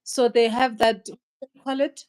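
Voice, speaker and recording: High-voiced woman hosting a casual chat. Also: level tone, normal speed, darkish tone, clean tone, rough recording. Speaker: host.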